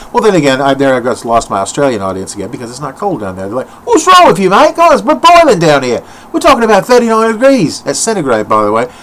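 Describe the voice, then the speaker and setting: An older man improvising a rambling, self-mocking comic monologue at home, full of tangents and quick mock voices. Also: medium pitch, a little hiss or hum, rough recording. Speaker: solo comedic vlogger.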